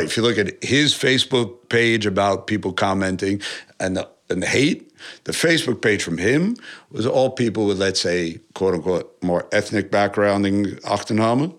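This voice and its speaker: Low-voiced swearing man from New York. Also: moderate pace. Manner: animated, swears freely, rambles with restarts. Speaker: musician guest. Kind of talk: casual interview talk.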